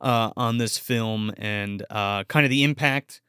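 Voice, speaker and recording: A man's voice: on the low side, unhurried, sharp tone, clear, resonant tone, no echo, clean studio sound. A man co-hosting a casual movie podcast, upbeat and teasing, stretching words for emphasis. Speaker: podcast co-host. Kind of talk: casual chat about movies.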